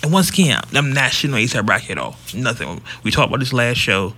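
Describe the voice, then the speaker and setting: A man with a bright, ringing voice talks on a casual podcast. He is a regular host who speaks bluntly and with emphasis, swearing freely as he gives his opinions. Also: mid-range voice, big pitch swings, fast talker, slight background noise. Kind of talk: casual commentary.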